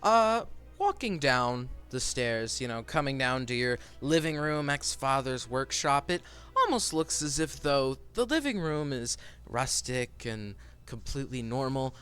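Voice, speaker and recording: A man's voice: mid-range voice, animated, measured pace, hardly any pauses, fairly bright tone, smooth, faint music behind. A man narrating a tabletop game as game master in a loose, rambling way. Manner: loose, rambling, lots of fillers and restarts.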